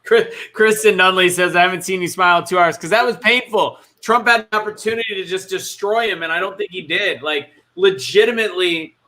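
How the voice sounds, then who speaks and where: A man's voice: high-pitched, fairly quick, hardly any pauses, pushed and bright. A man co-hosting a casual political chat, hesitant and thoughtful, with many restarts.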